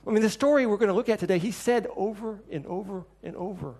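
A middle-aged man preaching a sermon, telling stories and acting out quoted voices with lively shifts. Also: fast talker, slightly rough. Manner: storytelling, acts out quoted voices with lively shifts in pitch and level. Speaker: pastor.

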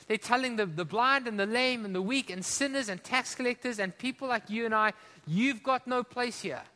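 A male preacher from Africa delivering a sermon, impassioned, swinging between loud emphasis and hushed drops and asking the congregation questions. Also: extremely high pitch, a little fast, long reverb tail.

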